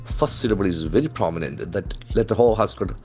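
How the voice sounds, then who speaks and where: With soft background music, a man with a low-leaning, darkish voice teaches newspaper vocabulary briskly and with lively intonation. He's an English language trainer who spells words letter by letter and methodically covers each one's pronunciation and meaning.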